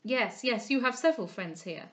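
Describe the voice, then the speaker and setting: A woman reading aloud and voicing a stern, brisk doctor who is gruffly kind. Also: fairly high pitch, sing-song, fairly bright tone. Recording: dull lo-fi recording.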